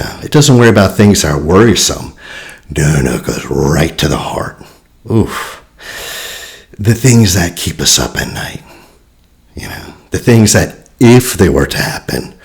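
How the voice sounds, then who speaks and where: Low gravelly guy explaining relationship stuff, chatty and reflective, lots of sighs. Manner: reflective and conversational, with sighs and repeated phrases. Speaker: relationship and attachment coach. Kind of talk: casual teaching monologue.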